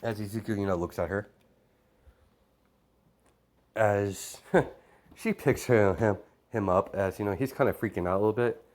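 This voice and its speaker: A man's voice: on the low side, unhurried, long pauses, a little mellow. A man casually improvising a fan story aloud, rambling with many fillers.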